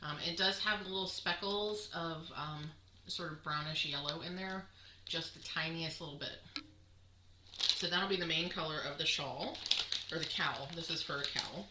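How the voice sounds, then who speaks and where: Woman, low voice, rambling show-and-tell host, echoey room with noise behind. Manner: chatty, rambling, many ums, laughs at herself. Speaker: knitting podcast host. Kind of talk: casual show-and-tell chat.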